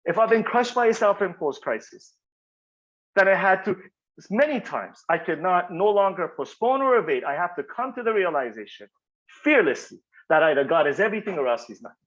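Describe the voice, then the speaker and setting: A man with a fairly high voice shares his recovery story as heartfelt testimony. He talks earnestly, circles back over his own phrases, and keeps checking in with "you know?" The recording sounds muffled and lo-fi. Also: big pitch swings, fairly quick, a bit bright. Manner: earnest, repetitive, frequent "you know?" and "right?". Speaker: workshop speaker sharing recovery story.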